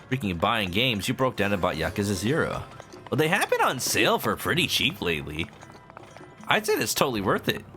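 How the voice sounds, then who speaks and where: A man's voice: lowish voice, huge pitch swings, fairly quick, bright, forceful tone. A man streaming a video game, rambling casually to his chat and humming along as he plays. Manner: rambling, talks to chat while playing, hums. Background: video game music.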